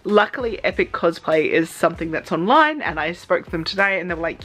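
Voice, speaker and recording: An Australian woman talks through her story in a chatty, excited vlog, slipping into little acted-out versions of her own reactions. Her voice sits a touch low, and soft music plays faintly behind her. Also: brisk, hardly any pauses. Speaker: cosplay vlogger. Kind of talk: casual vlog chat.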